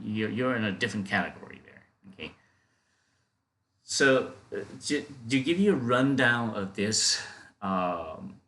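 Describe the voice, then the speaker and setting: A man giving an off-the-cuff software training, repeating words, restarting phrases and checking in with "okay?" after each point. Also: lowish voice. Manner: many fillers and restarts, talking off the cuff. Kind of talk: screen-recorded software training.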